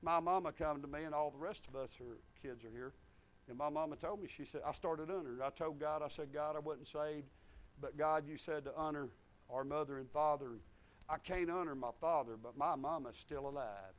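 A man, preaching a sermon in a folksy storytelling way that swings from low asides to loud emphatic lines. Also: a little fast. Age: 50s. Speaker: pastor.

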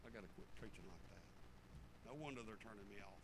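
A man preaching a folksy sermon, swinging from fervent loud passages to low muttered asides. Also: a little fast, slightly rough, low-quality recording.

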